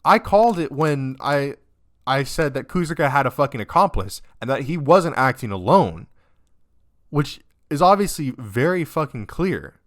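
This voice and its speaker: Young man ranting, lively swinging pitch. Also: normal speed. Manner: swears constantly, rants and trails off. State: upset, near tears. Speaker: let's-play gamer. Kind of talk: emotional game commentary.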